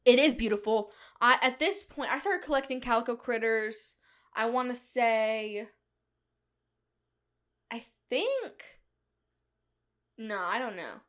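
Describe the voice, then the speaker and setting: A woman's voice: a little high, animated, slow, pauses often, fairly bright tone. A young woman hosting her own show, telling a rambling comic story in a bubbly, self-mocking way with frequent laughs. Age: young adult. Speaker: podcast host. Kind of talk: casual comedic monologue.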